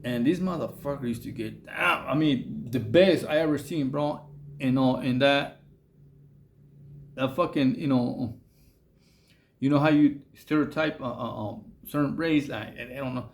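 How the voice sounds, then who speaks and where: A man's voice: medium pitch, unhurried, slight background noise. A man telling a long story in a casual, rambling way, full of slang and fillers. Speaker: vlogger telling prison stories.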